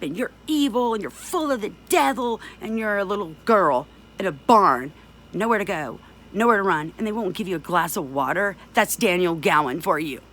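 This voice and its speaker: A woman's voice: fairly low pitch, fairly bright tone, slight background noise. A middle-aged woman speaking out in a vlog, talking in an angry, accusing and emphatic way. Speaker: abuse survivor speaking out. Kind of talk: direct-to-camera vlog rant.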